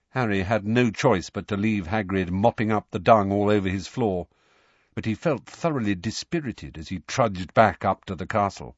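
A man reading an audiobook as narrator in an animated storytelling manner. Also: lowish voice, moderate pace, no room sound. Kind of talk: scripted narration. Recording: dull lo-fi dry recording.

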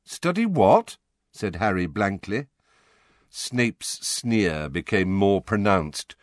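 Audiobook narrator: man, low voice, animated inflection, dry close recording. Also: dry recording. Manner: measured storytelling. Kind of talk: scripted narration.

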